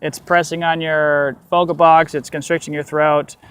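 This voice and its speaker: A young adult man casually telling a personal story on a walk-and-talk vlog, candid and animated, swearing now and then. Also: on the high side, moderate pace, clear, resonant tone. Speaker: vlogger.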